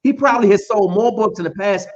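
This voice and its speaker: A man's voice: high voice, fast, muffled recording. A man co-hosting a casual chat show, teasing and insistent in a playful way. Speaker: co-host.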